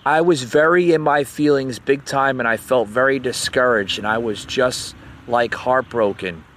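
A man's voice: mid-range voice, normal speed, fairly bright tone, slight background noise, close to an everyday voice. A man mimicking a young woman politician who gushes and stuffs "like" into every phrase. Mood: mocking. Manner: says "like" constantly, rambling. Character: young woman politician, gushing, filler-heavy.

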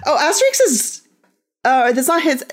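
Lively-voiced woman podcast co-host. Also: high-pitched, moderate pace, over a noisy crowd. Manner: dry, blunt, joking. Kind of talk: casual chat.

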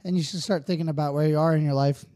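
A male co-host of a casual podcast who swears freely and then turns to motivational wrap-up talk. His voice is dark and mellow but sits a little high for a man. The recording is dry and close. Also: steady tone, racing, no echo. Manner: profane, joking, speaks in a motivational tone when wrapping up.

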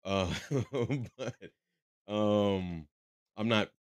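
A man's voice: on the low side, very slow, dry recording. A man hosting a podcast in a casual, profane monologue, rambling with many fillers and restarts and joking about a tense topic. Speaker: podcast host.

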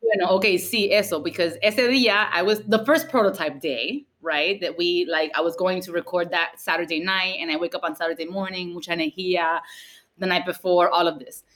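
A Cuban-American woman hosting a podcast, telling stories in an animated way and mixing Spanish into her English. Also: lowish voice, a little fast. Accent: Cuban-American Miami. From Cuba, raised in Miami. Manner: animated, mixes Spanish into English, lively storytelling. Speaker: podcast host. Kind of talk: casual chat.

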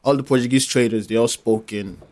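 A man's voice: mid-range voice, fairly even intonation, brisk, darkish tone. Man, podcast co-host, casual chat, long explanations, lots of ums. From Nigeria. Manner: explains at length with many fillers.

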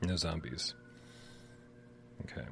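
A man's voice: a bass voice, slow pace, gravelly, slight background noise. A man co-hosting a live gaming stream, rambling and swearing casually, often laughing. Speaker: podcast co-host. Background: sirens outside.

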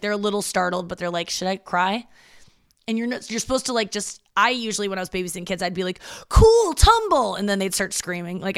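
Young woman, solo podcast host, loose rambling delivery, casual swearing, mid-range pitch. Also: a bit bright, smooth. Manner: chatty, rambling, swears freely.

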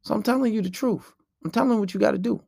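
Podcast host, male, brash and profane, preachy delivery, gravelly voice. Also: high voice, fast, a little mellow, no room sound, studio quality. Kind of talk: solo podcast rant.

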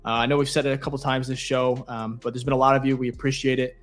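A man co-hosting a casual sports podcast, relaxed and thankful, rambling with fillers. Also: mid-range voice, quick pace, soft background music. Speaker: podcast co-host.

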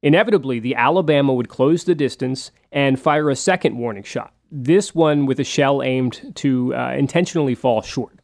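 A man hosting a history show, telling the story in a relaxed, conversational way with frequent fillers and asides. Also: mid-range voice, normal speed, gravelly, hardly any pauses.

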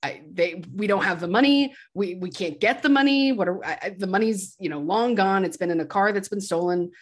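A woman's voice: mid-range voice, brisk, lightly acted. A woman voicing a laid-back man who rambles and stammers in a panic. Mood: panicky.

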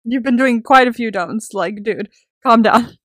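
A young woman co-hosting a podcast, chatting casually about a TV episode, reacting quickly, laughing often and swearing. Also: on the high side, a bit bright, dry recording, studio quality. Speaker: podcast co-host. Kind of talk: casual recap chat.

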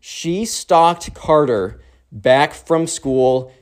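A young man telling a story in a casual, slangy, excitable way. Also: fairly high pitch, very slow. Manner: slangy, excitable, lots of 'bro' and 'like'.

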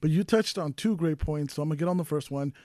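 Mellow, fairly high-voiced male podcast host. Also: fast, no echo, clean studio sound. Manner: open, conversational, gives advice to listeners. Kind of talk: casual interview chat.

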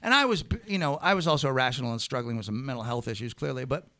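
Man, middle-aged, comedian telling stories, rambling, profane, gravelly, mid pitch. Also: rapid-fire, no room sound. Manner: rambling, animated, swears freely. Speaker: comedian guest. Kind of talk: casual storytelling chat.

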